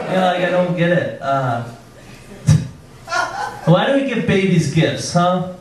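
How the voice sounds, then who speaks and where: A man performs stand-up in a slightly high voice, halting and self-deprecating, stumbling through his jokes with lots of ums. The sound is roomy and distant, as if caught from across a small club. A live crowd laughs along behind him. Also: expressive. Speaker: stand-up comedian. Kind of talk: stand-up set. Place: comedy club stage. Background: audience laughter.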